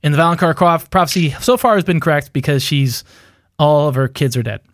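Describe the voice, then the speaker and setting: A man's voice: a little high, brisk, no room sound, clean studio sound. A man co-hosting a casual chat, rambling through a theory with lots of fillers and self-mocking laughs. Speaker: podcast co-host.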